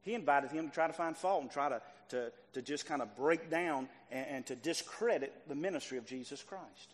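Man, preacher, emphatic sermon, repeats himself, quiet to loud swings, long hall reverb. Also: on the high side, fairly quick. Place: church sanctuary.

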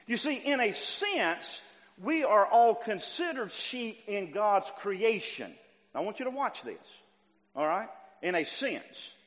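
Man, preacher, sermon, high voice, lively swings from loud to low, church hall reverb. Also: slow pace. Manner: animated, rising to near shouts and dropping low. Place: church sanctuary.

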